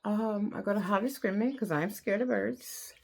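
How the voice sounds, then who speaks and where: A woman's voice: mid-range voice, moderate pace, creaky. An older woman telling a personal story in a rambling, repetitive, earnest way.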